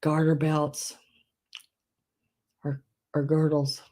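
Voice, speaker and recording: A woman's voice: low voice, monotone, extremely slow, mellow. Giggly chatty woman. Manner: chatty, giggly, restarts often. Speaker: host of a live online sale. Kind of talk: casual live sale chat.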